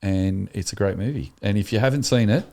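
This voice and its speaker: Deep-voiced, enthusiastic man. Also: brisk, darkish tone. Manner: enthusiastic, rambling storyteller. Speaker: podcast co-host. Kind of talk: casual chat.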